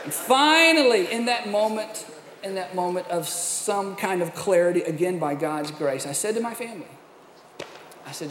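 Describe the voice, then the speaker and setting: A middle-aged man preaches with an animated, self-mocking storytelling manner. His voice sits fairly high. The sound carries a long reverb from a large hall, with a faint hum of room noise behind him. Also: moderate pace. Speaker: pastor. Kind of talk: sermon storytelling.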